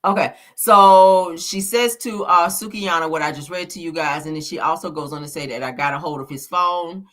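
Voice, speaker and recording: A woman's voice: fairly low pitch, a little fast, fairly bright tone. A woman giving casual, blunt celebrity gossip commentary, sassy and profane, laughing often.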